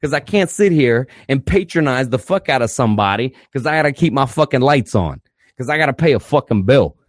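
A man's voice: mid-range voice, lively intonation, a little fast, no echo, studio quality. Blunt, swearing podcast host man. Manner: blunt, swears constantly, mocks therapist clichés; fervent and emphatic, swings loud and quiet. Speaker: podcast host giving counsel. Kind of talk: blunt profanity-laden monologue.

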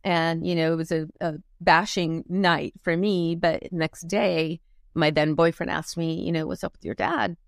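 With a low, creaky voice and flat delivery, a woman who coaches and speaks motivationally tells her life story frankly in an interview. She comes across earnest and reflective, pausing often, in studio-quality audio that is clean and free of echo.

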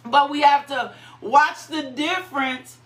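High, bright-voiced woman preaching fervently. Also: echoey room. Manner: fervent, breaks into high cries of "ooh" and laughter; preaches slowly with repeated phrases and prayers. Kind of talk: sermon.

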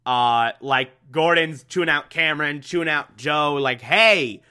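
A man's voice: on the high side, normal speed, pushed and bright, smooth. A young man casually recapping a TV show, enthusiastic and repetitive, with lots of fillers. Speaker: TV recap host.

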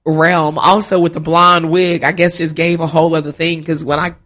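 Animated woman guest after vocal surgery. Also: sits low, moderate pace. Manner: animated, laughs often. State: recovering from vocal cord surgery. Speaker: guest actress. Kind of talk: casual podcast chat.

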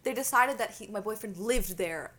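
A woman from Canada chats casually as a podcast co-host, telling stories with lively energy and frequent swearing. Her voice sits at a middle pitch. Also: moderate pace, crowd noise. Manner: animated storytelling, swears freely. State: itchy. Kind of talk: casual chat.

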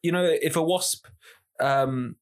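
Rambling podcast co-host. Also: male voice, fairly high pitch, slow. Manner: rambling, stop-start, jokey. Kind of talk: casual chat.

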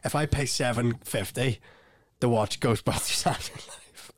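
A man's voice: medium pitch, measured pace, over a noisy crowd. A young man, rambling and laughing as he tells a story on a casual podcast. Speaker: podcast co-host. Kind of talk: casual chat.

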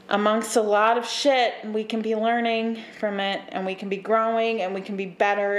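A young woman hosting a podcast by herself, talking emotionally and swearing as she moves between quiet asides and fired-up preaching. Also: medium pitch. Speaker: podcast host. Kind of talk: casual solo podcast rant.

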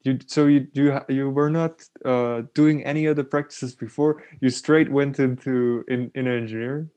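A man's voice: medium pitch, steady tone, moderate pace, mellow, muffled recording. A man with a mid-range voice hosts a podcast conversation. He asks questions eagerly and encourages his guest as he goes. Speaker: podcast host. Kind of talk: conversational interview.

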